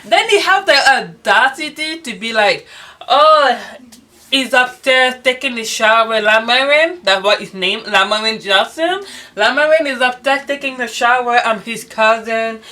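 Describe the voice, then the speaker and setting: A young woman vlogger in casual storytime chat, animated and swearing as she acts out quoted dialogue. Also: a little high, moderate pace. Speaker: beauty vlogger.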